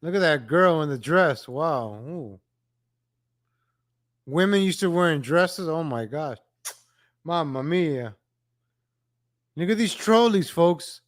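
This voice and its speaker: Man, high voice, unhurried delivery; exasperated reaction streamer who repeats himself. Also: animated. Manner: exasperated, ranting, repeats phrases. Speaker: streamer reacting to old street footage. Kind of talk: reaction commentary.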